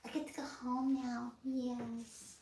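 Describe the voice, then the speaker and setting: A woman's voice: a little high, flat delivery, slow, warm tone, a little hiss or hum, pitched above the performer's own voice. A woman voicing a happy male dog who is eager to go home, speaking in a cheerful sing-song. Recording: echoey room, mic far off.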